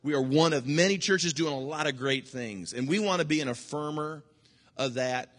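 A man preaching a sermon as pastor, animated, with sudden high bursts and hushed asides. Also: normal speed, in a large hall.

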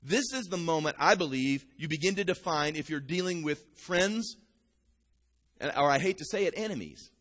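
A male pastor preaching an animated sermon, talking straight to his congregation. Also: a little high, moderate pace, big-room sound.

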